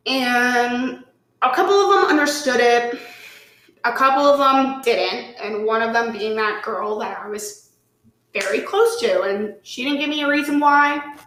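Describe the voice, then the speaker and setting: A woman's voice: a little high, a little slow. A woman guest telling a story in casual chat, full of "like" and swearing, acting out what people said. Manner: animated, swearing, lots of "like", acts out quotes. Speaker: podcast guest. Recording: roomy echo.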